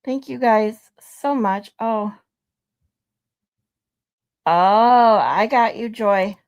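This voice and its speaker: Woman streamer chatting slow and laid back, bit of gravel in her voice. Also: on the high side, a little mellow. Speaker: streamer hosting a reaction stream. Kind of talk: casual live-stream chat.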